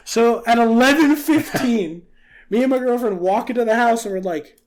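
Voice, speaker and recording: A man's voice: extremely high pitch, normal speed. A man in his twenties on a podcast, telling a story in casual chat, swearing freely and acting out what people said. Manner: animated, swearing, acting out quotes. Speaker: podcast co-host.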